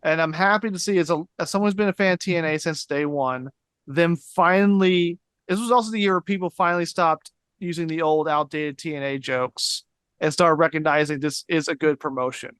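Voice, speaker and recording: A man's voice: fairly high pitch, a little fast, a bit bright, clean tone, dry recording. A man on a casual panel, talking with jokey enthusiasm. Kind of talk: casual chat.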